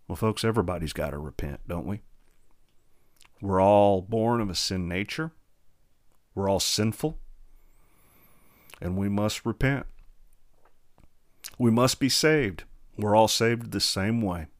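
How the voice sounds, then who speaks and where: A man preaching a verse-by-verse sermon, reading scripture in a slow, formal cadence and then explaining it in plain talk with rhetorical questions. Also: fairly low pitch.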